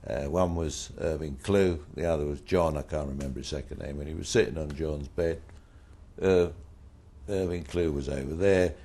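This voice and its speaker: Very low-voiced older man telling anecdotes. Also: normal speed. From Britain. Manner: blunt, animated anecdotes, voices rising in quoted retorts. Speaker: interviewee. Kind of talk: anecdotal storytelling.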